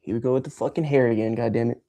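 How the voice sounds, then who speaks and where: A man's voice: medium pitch, fairly even intonation, rapid-fire, dark tone. A man ranting on a casual livestream, frustrated and swearing freely as he rambles. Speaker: streamer.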